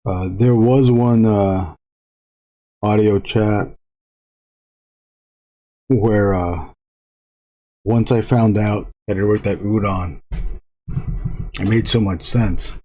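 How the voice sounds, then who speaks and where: A man chatting casually to viewers while drawing on a live stream, rambling with frequent halting restarts. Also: fairly low pitch, fairly even intonation, dark tone.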